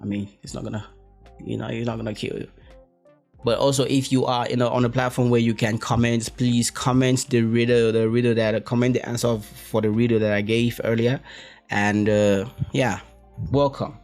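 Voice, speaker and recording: A young West African man hosts a casual solo podcast over soft background music, rambling, correcting himself, joking, and exclaiming through quoted reactions. His voice is medium-pitched and darkish, with little pitch movement and a normal speed.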